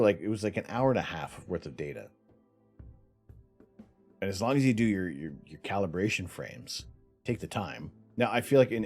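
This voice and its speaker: A Canadian livestream host with a low, darkish voice rambles through viewer questions on a casual stream. He reads out chat and restarts himself a lot.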